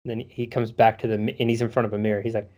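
A man's voice: on the low side, level tone, rapid-fire, a little mellow. Profane rambling podcast host man. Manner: profane, rambling, laughs easily. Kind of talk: casual podcast chat.

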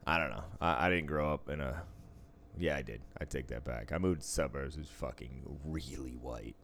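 A man with a very low voice chats casually. He rambles, swears freely and breaks into laughter as he tells his stories. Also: moderate pace, a bit bright, a little hiss or hum. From Boston area, US. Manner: profane, rambling, laughs a lot. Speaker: podcast co-host, casino dealer. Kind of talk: casual chat.

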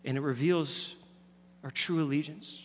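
A man preaching a sermon as pastor, swinging from loud emphatic lines down to hushed near-whispers. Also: a little high, fairly even intonation, measured pace, a little hiss or hum. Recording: reverberant hall.

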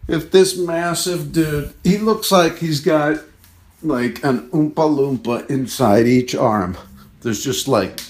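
A podcast host delivers a rambling comic monologue, telling a meandering story in a chatty way and acting out other people's lines. His voice is fairly high, slow, and a little mellow.

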